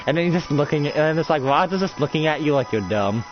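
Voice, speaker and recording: A man's voice: a little high, animated, fast talker, highs cut off, over music. A man narrating a casual role-play as game master, rambling with lots of filler words.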